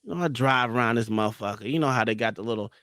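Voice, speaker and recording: A man's voice: mid-range voice, rapid-fire, fairly bright tone, smooth, dry recording, clean studio sound. A man on a podcast, casually telling a story in a profane way and acting out heated quotes. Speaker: podcast co-host.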